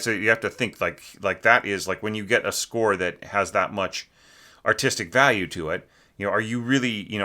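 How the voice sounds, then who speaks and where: Low-voiced man critiquing a score. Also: pushed and bright. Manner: sings musical phrases to illustrate, many fillers. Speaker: orchestration teacher reviewing a student score. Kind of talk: casual spoken critique.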